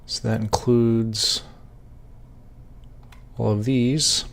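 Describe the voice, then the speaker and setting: Working out prices indoors at his computer, a man who admins a Minecraft server mutters numbers in casual working commentary, interrupted by hiccups. He speaks at medium pitch, very slowly and flatly, with vocal fry.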